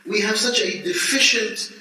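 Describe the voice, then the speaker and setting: A man's voice: high voice, moderate pace. Man lecturing in an echoey hall. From United States. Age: 30s. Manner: animated storytelling, laughing, restarts. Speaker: teacher. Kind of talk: lecture to students. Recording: echoey hall, distant mic, faint noise.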